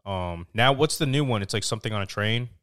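A man's voice: lowish voice, expressive, fast talker, a bit bright, no echo, clean studio sound. A young man co-hosting a podcast in easygoing casual chat, full of "you know" and "like". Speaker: podcast co-host.

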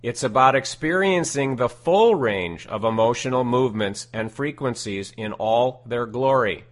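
A man giving scripted self-help teaching in a deliberate, emphatic way, repeating his key phrases. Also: medium pitch, lively intonation.

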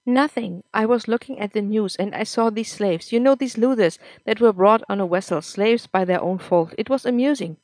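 A woman's voice: mid-range voice, normal speed, hardly any pauses, a little mellow, no room sound, lightly acted. A woman voicing a rude, sulky young boy in a story reading. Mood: scornful. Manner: defiant, then pleading.

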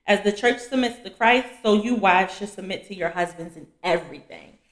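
A young woman hosts a faith podcast for women, teaching in a casual, blunt, chatty way and addressing her listeners as "y'all." She is also a fiancée coach. Her medium-pitched voice moves at a moderate pace in an echoey room.

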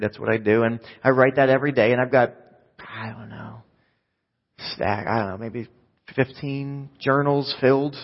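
Male pastor, chatty laid-back preaching, mid-pitched, echoey muffled hall. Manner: casual, conversational, self-deprecating. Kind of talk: sermon. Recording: dull echoey hall sound.

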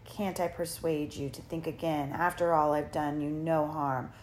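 A woman voicing a sinister ancient male spirit who steals time, speaking slowly with a rasping, coaxing menace in an audiobook. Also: sits low, flat delivery, darkish tone, slight background noise, natural voice. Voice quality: rasping, creaking. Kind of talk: audiobook character voice.

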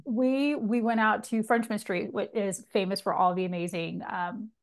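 A woman hosting a podcast, telling stories in a lively, casual way and swearing often. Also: medium pitch, moderate pace. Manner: animated storyteller, frequent swearing. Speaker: podcast host. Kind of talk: casual chat.

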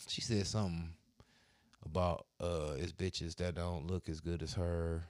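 A man's voice: low voice, darkish tone, dry recording. A man who works as a barber and co-hosts a podcast, telling crude, heated stories about arguments in a blunt, profane, casual way. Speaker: podcast co-host.

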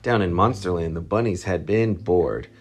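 A man reading a storybook aloud to his child, lively and expressive, with a gravelly voice. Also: deep voice, moderate pace. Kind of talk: bedtime story read-aloud.

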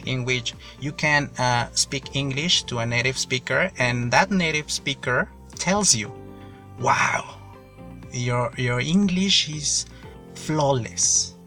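A man from Mexico, a native Spanish speaker, talks through a casual English lesson with a bright, gravelly, fried voice. He rambles and repeats himself, pausing to explain words, while faint music plays behind. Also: mid-range voice. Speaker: English learning podcaster. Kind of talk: casual spoken monologue lesson.

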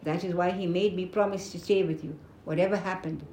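A woman's voice: lowish voice, fairly quick, slight background noise, natural voice. A woman reading as a steadfast young warrior. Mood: reassuring. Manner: calm, firm reassurance. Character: loyal young man, steady and calmly reassuring. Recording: roomy echoing room.

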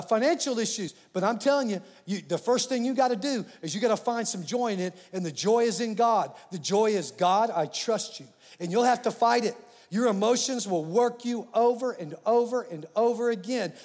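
A man preaching a sermon as pastor, animated, swinging between loud, rising passages and hushed asides. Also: high voice, big-room sound.

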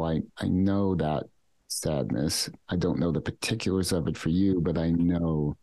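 Gentle, very low-voiced man. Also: no echo. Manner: gentle, slow, open, contemplative. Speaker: podcast co-host. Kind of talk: casual reflective conversation.

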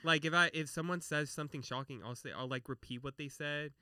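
A man's voice: a little high, fairly quick, crowd noise. A young man from Texas with a southern twang, chatting casually and rambling with lots of filler words. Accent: Texan southern. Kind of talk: casual chat.

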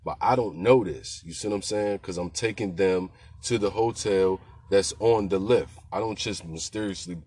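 A man's voice: sits low, moderate pace, a little mellow. A man telling stories in a loose, slangy, conversational way, often checking in with the listener. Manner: laid-back slangy talk, keeps asking "you know what I'm saying". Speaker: podcast host telling rideshare stories. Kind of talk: casual storytelling.

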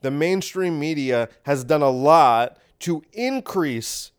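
A man hosting a podcast, delivering a rambling sarcastic monologue with deadpan asides. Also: a little high, slow, smooth. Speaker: podcast host.

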